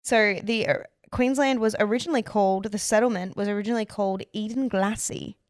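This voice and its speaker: A woman chats through a podcast, reading facts aloud between fillers. Her voice is smooth and clear. The sound is close and dry. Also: medium pitch, steady tone, fairly quick, no echo. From Australia. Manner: chatty, reads facts aloud, many fillers. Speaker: podcast co-host. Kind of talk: casual chat.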